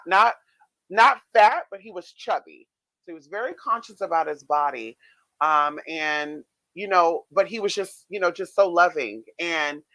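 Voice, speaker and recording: A man vlogging, casually telling his viewers a story in a chatty, expressive way with frequent swearing. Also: sits high, dry recording. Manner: chatty, expressive, swears freely, many fillers.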